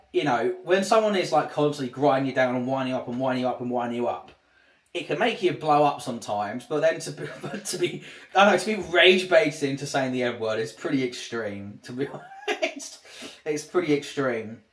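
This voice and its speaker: A man's voice: a little high, fairly bright tone. A man, chatting casually on a livestream and rambling through restarted sentences. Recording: roomy echo.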